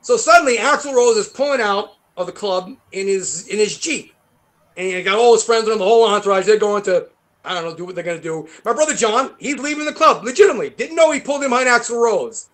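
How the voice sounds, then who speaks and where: New man, high bright voice, loose profane raconteur. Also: lively intonation, fast talker. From New York. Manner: swearing, rambling storyteller who laughs often. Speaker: guest guitarist. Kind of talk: casual interview chat.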